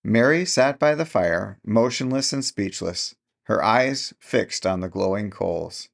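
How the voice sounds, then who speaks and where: A male narrator reads a classic short story in a measured, unhurried storytelling manner. His voice sits low and has a gravelly, fry-touched texture. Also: animated. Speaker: audiobook narrator. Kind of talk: scripted narration.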